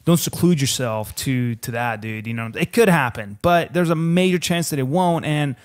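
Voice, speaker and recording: A man's voice: a little high, moderate pace, clean tone. A young man co-hosting a podcast, telling a travel story in casual chat, profane and rambling, saying "dude" constantly. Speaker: podcast co-host.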